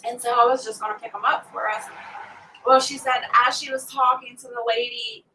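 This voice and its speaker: Bright-voiced chatty woman vlogger. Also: a little high, fairly even intonation, brisk. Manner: chatty, rambling storyteller who scolds her pets mid-sentence. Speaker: homesteading livestream host. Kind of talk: casual morning chat with viewers. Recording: distant mic with faint background hum.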